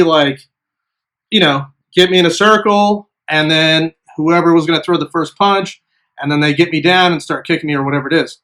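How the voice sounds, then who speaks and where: A man's voice: a little high, bright, forceful tone. A man vlogging in a casual monologue, telling a story and acting out what others said. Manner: storytelling, acts out quoted voices.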